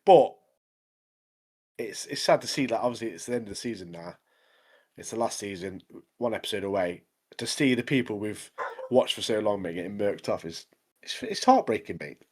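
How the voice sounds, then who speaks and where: A man co-hosting a casual anime podcast, retelling scenes in an animated, chatty way. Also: on the low side, normal speed, pauses often. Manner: chatty, says "mate" constantly, animated retelling. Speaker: podcast co-host. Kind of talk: casual anime review chat.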